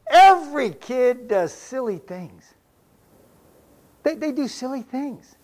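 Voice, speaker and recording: High-voiced older preacher. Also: male voice, sing-song, slow, a little mellow. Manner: folksy, conversational preaching with homespun stories. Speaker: pastor. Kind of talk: sermon.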